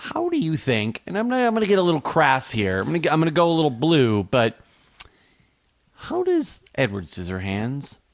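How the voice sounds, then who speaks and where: A man's voice: a little high, huge pitch swings, normal speed, no echo. A man co-hosting a movie podcast, chatting casually with wry, joking asides. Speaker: podcast co-host.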